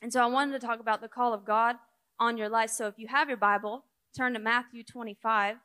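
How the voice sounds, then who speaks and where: A woman's voice: fairly high pitch, fairly even intonation, a little fast, pushed and bright. Chatty young woman preaching. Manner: conversational, storytelling, many fillers. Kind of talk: sermon.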